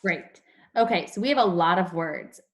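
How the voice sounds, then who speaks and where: A woman's voice: on the low side, animated. Woman teaching phonics to young kids. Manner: slow, clear teacherly explanations to young children. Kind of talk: online class phonics lesson. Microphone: video call.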